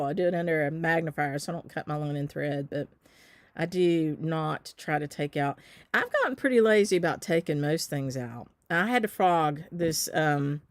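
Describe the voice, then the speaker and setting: A woman's voice: low voice, no room sound. A Southern American woman hosting a casual live stream, chatting and answering viewer comments with lots of ums. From Southern United States. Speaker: shop owner hosting a live stitch.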